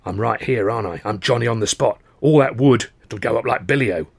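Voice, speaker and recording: A man voicing an excitable older seaside father who talks in urgent, conspiratorial bursts and jumps into high, fussy tones. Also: fairly quick, vocal fry, slightly rough, dry recording. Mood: urgent, secretive.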